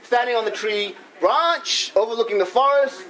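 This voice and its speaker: A man's voice: very high voice, moderate pace, bright, forceful tone. A man leading a laughter club workshop in a playful way, breaking into laughs as he shows the exercises to a room full of people. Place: conference room with an audience. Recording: echoey room, mic far off, audience noise.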